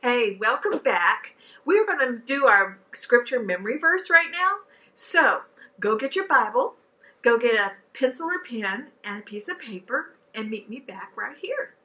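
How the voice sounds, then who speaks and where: A woman leads a children's scripture memory lesson with a coaxing call-and-response manner. Her voice sits high and sounds bright. She speaks slowly and deliberately. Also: very animated, rough recording. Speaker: children's Bible teacher.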